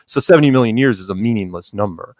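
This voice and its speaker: A man talking casually as a podcast guest, rambling with jokes and animated asides. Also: fairly low pitch, fast, no echo, studio quality. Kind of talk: casual interview talk.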